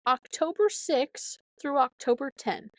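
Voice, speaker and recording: A woman's voice: sits high, expressive, unhurried, no echo. A woman in her thirties hosting a podcast, rambling and chatting casually from home. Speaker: podcast host. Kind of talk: casual solo chat.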